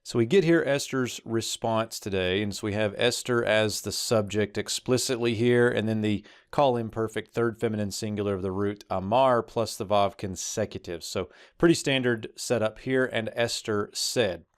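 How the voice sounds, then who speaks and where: A man teaching a short Biblical Hebrew lesson, reading a verse slowly and then explaining its grammar with the odd filler. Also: on the low side, clear, resonant tone, no room sound, clean studio sound.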